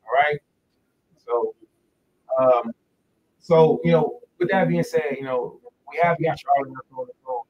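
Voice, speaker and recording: A man giving a casual religious teaching on a livestream, talking loosely and repeating words slowly, into a phone in front of him. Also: on the high side, far from the mic, muffled recording, a crowd in the background. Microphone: phone directly in front of him.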